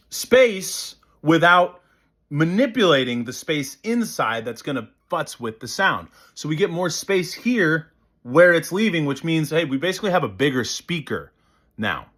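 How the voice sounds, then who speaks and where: Animated male voice coach. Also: on the high side. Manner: animated, demonstrates sounds and sings snippets. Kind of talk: casual instructional talk.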